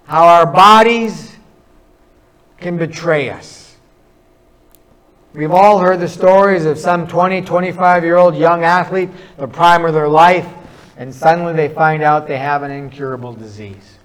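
The recording is rough as a middle-aged preacher with a strikingly high voice and fairly even intonation delivers his sermon. He's earnest and relies on stories, stretching out phrases and pausing between them.

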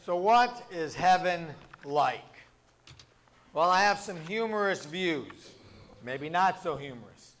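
A pastor telling humorous stories from the pulpit, his speech strung together in an easy, conversational flow. His voice sits notably high for a man. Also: animated, takes it slowly, a bit bright. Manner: conversational storytelling, many "and" links.

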